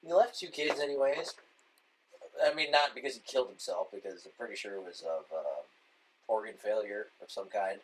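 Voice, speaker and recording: A man hosting a casual podcast chat, excitable and heavy on profanity, often exclaiming. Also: on the low side, a little fast, a little hiss or hum, low-quality recording. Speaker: podcast host.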